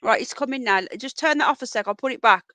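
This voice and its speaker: A woman chatting casually to viewers on a home livestream, often calling her pets in a high singsong voice. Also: fast talker, sharp tone, no room sound. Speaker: livestream host. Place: home, indoors. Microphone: earphones with mic.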